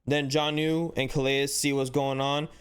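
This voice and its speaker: Smooth-voiced man, exasperated sports commentary. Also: mid-range voice, measured pace. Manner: animated and exasperated, rhetorical questions, frequent "like". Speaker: sports channel host. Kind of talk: casual commentary breaking down footage.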